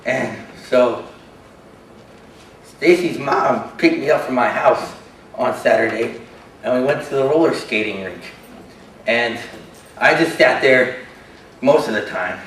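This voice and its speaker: An actor playing a shy, self-doubting young man with a disability, telling his story haltingly and earnestly in a stage monologue. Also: medium pitch, a bit bright, slight background noise. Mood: gentle. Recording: roomy hall from a distance.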